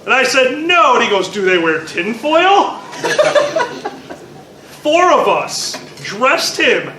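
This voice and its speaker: A man's voice: very high-pitched, wildly swooping pitch, takes it slowly, reverberant, background noise. A man on a convention panel, fondly telling a story about a friend with a teasing, laughing manner. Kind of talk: casual storytelling.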